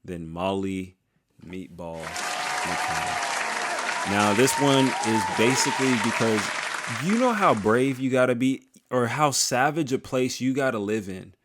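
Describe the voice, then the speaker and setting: A man's voice: mid-range voice, takes it slowly, fairly bright tone, some chatter behind. A man hosting an MMA video, talking in a casual, rambling, slangy way full of jokes. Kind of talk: casual commentary.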